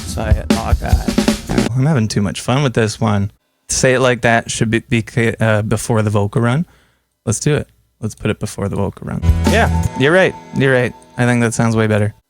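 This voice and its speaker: A man's voice: mid-range voice, fairly quick. A young man hosting a music-making video, chatting casually and reading viewer comments as he works on a song. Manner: chatty, reads out viewer comments while working. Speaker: music producer and host.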